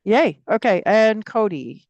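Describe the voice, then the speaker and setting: A woman takes roll call in a remote public meeting over a video call, talking briskly and chattily. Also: mid-range voice, animated, darkish tone, dry recording, muffled recording. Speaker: commission member taking roll call.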